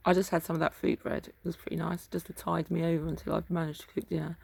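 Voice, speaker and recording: A woman's voice: deep voice, flat delivery, fast, gravelly, darkish tone, slightly rough. A tired woman of fifty, rambling aloud to herself in her garden and sometimes dropping to a whisper, recorded on a phone. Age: 50s. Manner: musing aloud to herself, drifting between topics, sometimes whispering. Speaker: vlogger. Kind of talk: rambling solo chat. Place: home garden outdoors.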